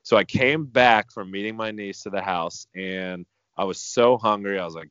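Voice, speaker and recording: Deep smooth-voiced man telling a story. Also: normal speed, fairly bright tone, no room sound, highs cut off. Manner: rambling, many "like" fillers. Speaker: podcast co-host. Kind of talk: casual storytelling.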